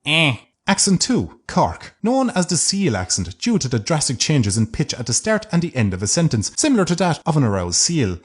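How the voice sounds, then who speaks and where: Irish man for sardonic comedy narration, husky, pitch swinging up and down. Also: fairly quick, few pauses. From Ireland. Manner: deadpan, sardonic delivery.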